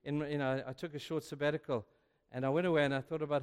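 An older preacher with a clear, resonant voice on the high side talks fast while telling sermon stories. Growing ever more animated, he performs the dialogue in a rising voice amid long hall reverb.

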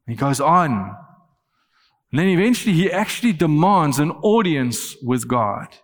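A man's voice: a little high, measured pace. Earnest male preacher with long reverb. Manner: earnest, animated when quoting scripture. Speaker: pastor. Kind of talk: sermon.

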